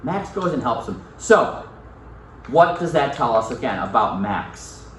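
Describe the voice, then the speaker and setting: A male teacher reading a novel aloud to his class, animated, repeating key points and putting questions to the students. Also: medium pitch, a little slow. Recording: echoey classroom, mic far off, faint noise.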